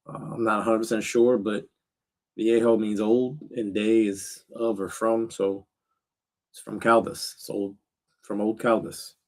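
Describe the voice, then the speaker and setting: A man's voice: fairly low pitch, little pitch movement, a little slow. A middle-aged man chatting casually on a livestream from a cold backyard shed, talking straight to his viewers with slang and fillers. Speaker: livestream host.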